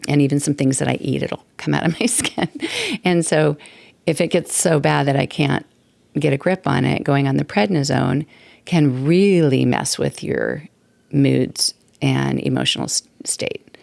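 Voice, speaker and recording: A chatty woman in her sixties talks on her own podcast, rambling and laughing as she goes. Her voice has a gravelly fry in it. The recording is dry, with little room sound. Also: low-pitched, lively intonation, unhurried, a little mellow, no room sound. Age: 60s. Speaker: podcast host. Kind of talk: casual solo talk. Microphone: desktop mic at computer.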